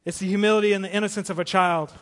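A man preaching a sermon as pastor, swinging from emphatic, raised declarations to soft, slow pleas. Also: high-pitched, flat delivery. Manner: impassioned preaching, rising to emphatic peaks and dropping to soft pleas. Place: church auditorium. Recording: long hall reverb.

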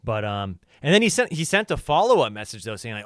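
Animated, rambling male podcast host. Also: mid-range voice, fairly quick, no room sound, studio quality. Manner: rambling, stumbling restarts, laughing. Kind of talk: casual podcast chat.

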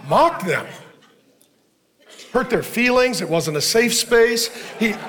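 A man preaching a sermon as pastor, mixing scripture with sarcastic jokes and quick asides to the congregation. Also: very high voice, lively intonation, a bit bright.

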